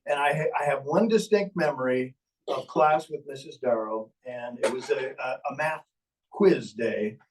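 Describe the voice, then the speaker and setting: On a stage in a large hall, a ventriloquist and entertainer tells funny stories to a live audience, chatting playfully and teasing the crowd. His mid-range voice moves at a normal speed, picked up far from the mic in a low-quality recording.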